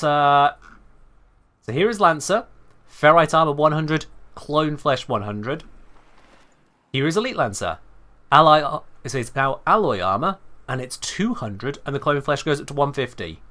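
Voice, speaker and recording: Lively, bright-voiced British man. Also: a little high, measured pace, pauses often. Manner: chatty, animated, self-correcting. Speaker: game streamer. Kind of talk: casual live-stream commentary.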